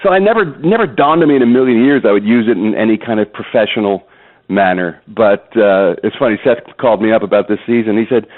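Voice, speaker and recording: A man being interviewed about voice acting and impressions, talking in an animated way and slipping into impressions. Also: lowish voice, fast. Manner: animated, jokes and slips into impressions. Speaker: guest voice actor and impressionist. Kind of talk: phone interview. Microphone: phone. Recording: tinny phone line.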